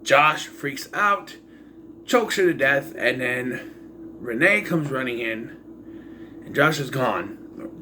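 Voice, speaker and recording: A man's voice: mid-range voice, expressive, takes it slowly, long pauses, noisy background. A man casually reviewing a horror film, rambling through the plot with asides and dry, exasperated remarks on its holes. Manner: rambling, loose retelling with frequent asides and fillers. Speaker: movie reviewer.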